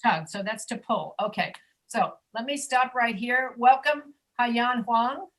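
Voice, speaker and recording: A woman teaching an online pronunciation class, patiently correcting students and modeling sounds slowly over a video call. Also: on the high side.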